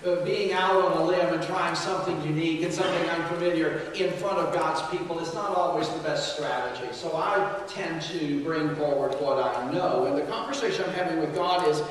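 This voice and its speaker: A male pastor with a slightly raised voice delivers an earnest sermon, pausing often with fillers. His voice rings out through a large, echoey hall, picked up from some distance, with faint room ambience behind him. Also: a little high, a little hiss or hum. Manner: earnest, prayerful, halting with fillers. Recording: echoey hall, mic from far off.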